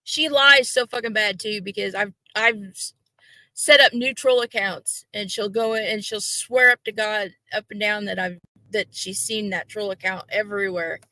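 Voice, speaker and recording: Woman, gravelly voice, blunt cursing gossip, dry close sound. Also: mid-range voice, steady tone, normal speed, sharp tone, no room sound, low-quality recording. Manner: blunt, profane, mocking. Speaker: guest on a livestream. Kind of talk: casual gossip chat on a livestream.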